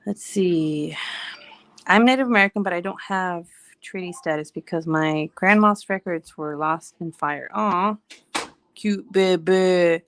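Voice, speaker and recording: A woman's voice: lowish voice, moderate pace, a bit bright, no echo. A woman in her thirties hosting a casual livestream chat while crafting, rambling and laughing through her stories. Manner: chatty, laughing, loose storytelling. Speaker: livestream host.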